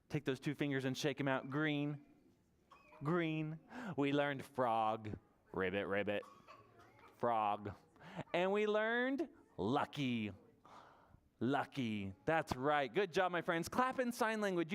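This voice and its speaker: A man running a toddler story time in a library, his voice smooth and clear and pitched a little high. He talks in an animated, sing-song way, cheering on the little ones. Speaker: children's librarian. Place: public library room.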